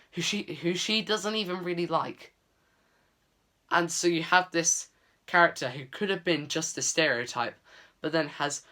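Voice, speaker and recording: Man, book review vlog, earnest and chatty, bright voice. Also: a little high. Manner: earnest, chatty, with frequent fillers and restarts.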